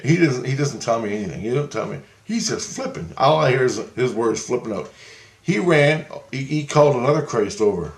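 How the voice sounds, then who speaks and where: A man's voice: mid-range voice, animated, fairly quick, echoey room. A man rambling through a personal story in a casual monologue, restarting and repeating himself. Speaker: vlogger.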